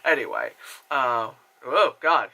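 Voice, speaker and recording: A man's voice: medium pitch, slow pace, creaky. A young man from New Jersey with an American accent, doing casual, profane voice-over commentary on his own travel footage and laughing often. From New Jersey, USA. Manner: casual, swears freely, laughs often, animated impressions. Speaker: vlogger.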